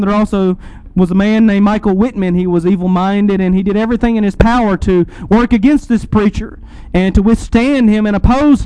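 A man preaching a sermon, building to emphatic swells and easing into slow, quiet pauses. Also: high-pitched, clear, resonant tone, dry recording, poor audio. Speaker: pastor.

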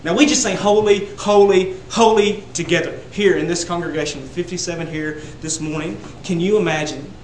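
A man preaching a sermon to a congregation, building to loud emphatic peaks on repeated words. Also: on the high side, quick pace, few pauses, echoey room, a little hiss or hum, low-quality recording. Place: church sanctuary.

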